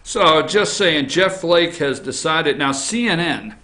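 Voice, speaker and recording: A man hosting an opinion show from an office, animated, jumping between loud outbursts and muttered asides. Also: on the high side, slow. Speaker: host. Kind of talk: opinion commentary on news and politics.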